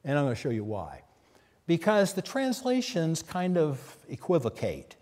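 A man's voice: a little high, wildly swooping pitch, moderate pace, darkish tone. Man teaching scripture in a reverberant hall. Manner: conversational, asks the listeners questions. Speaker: preacher. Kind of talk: Bible teaching sermon.

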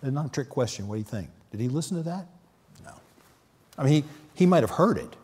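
Male preacher, sermon, earnest, mellow tone, long hall reverb. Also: medium pitch, expressive, fast, husky. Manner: earnest, rises to sudden emphatic peaks.

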